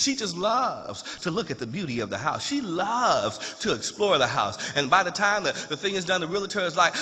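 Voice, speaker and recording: A male pastor with a strikingly bright, sharp voice and a high, swooping pitch that leaps all over the place. He preaches with stammered repeats and a rhythmic, impassioned cadence. His voice rings through a large church hall with a long echo. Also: big pitch swings, moderate pace, few pauses. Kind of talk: sermon.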